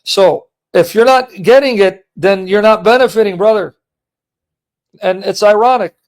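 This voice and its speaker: A man hosting a live stream, lecturing a caller in a heated, forceful way. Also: high voice, normal speed. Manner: forceful, lecturing, berating chat commenters. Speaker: livestream host. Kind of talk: heated live teaching and chat.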